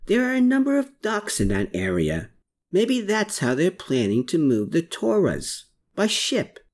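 A man's voice: high voice, wildly swooping pitch, unhurried, voice pushed up, exaggerated voice. A narrator voicing a determined man who reasons aloud through his plans. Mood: pondering. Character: tense determined man investigating.

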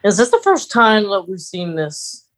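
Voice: medium pitch, sing-song, fairly bright tone, no room sound. Chatty podcast co-host, dry close mic. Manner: chatty, giggly, quick interjections. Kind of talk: casual chat.

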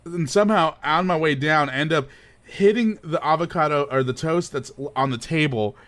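Animated young man telling a story. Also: on the high side, moderate pace, no echo. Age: young adult. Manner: animated, laughing storyteller with frequent restarts. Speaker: podcast co-host. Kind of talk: casual storytelling chat.

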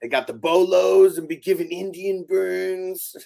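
A man hosts a casual movie podcast, recapping the plot with rambling asides and laughter. His voice is gravelly and sits a bit high. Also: steady tone, measured pace, dark tone. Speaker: podcast host. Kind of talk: casual movie review chat.

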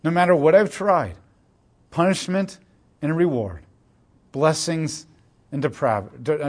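A man's voice: fairly high pitch, sing-song, moderate pace, husky. A man preaching through a Bible passage, reading verses aloud and then explaining them in emphatic plain talk. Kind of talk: expository Bible teaching.

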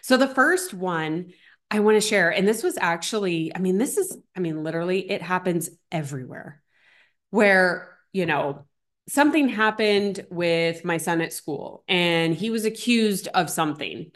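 A middle-aged woman hosting a podcast, telling stories in a chatty, animated way with lots of fillers. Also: on the low side, measured pace. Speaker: podcast host. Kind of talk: casual solo podcast talk.

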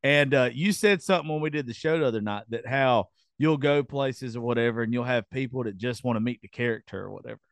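A man's voice: mid-range voice, fast talker, few pauses, no echo, studio quality. A man hosting a casual podcast chat, rambling loosely and swearing as he tells stories.

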